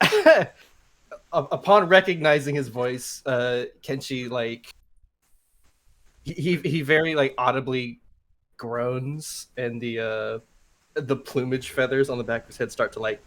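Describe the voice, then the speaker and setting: A man's voice: medium pitch, a little slow, fairly bright tone. Guy player in an rpg, easygoing, mid voice. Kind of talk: playing a tabletop game.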